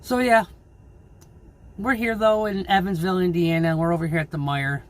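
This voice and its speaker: A man who drives his own truck, ranting angrily and swearing in a casual vlog about low freight rates. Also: steady tone, moderate pace. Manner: angry, swearing, frustrated. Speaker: owner-operator truck driver.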